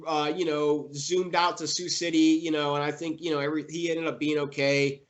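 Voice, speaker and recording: A young man being interviewed, telling a personal story in a halting way with many fillers and restarts, getting emotional. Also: fairly high pitch, flat delivery.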